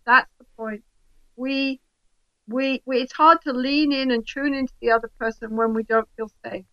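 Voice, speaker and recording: A woman speaking as a couples therapist in an interview, explaining in a lively way and acting out the voices of the people in her examples. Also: high-pitched, moderate pace, no room sound, highs cut off.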